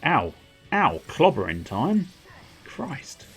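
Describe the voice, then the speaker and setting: A man's voice: mid-range voice, wildly swooping pitch, takes it slowly, fairly bright tone, faint music behind. A man streaming a game, rambling through self-mocking, sweary commentary at his desk mic. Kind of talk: casual gameplay commentary.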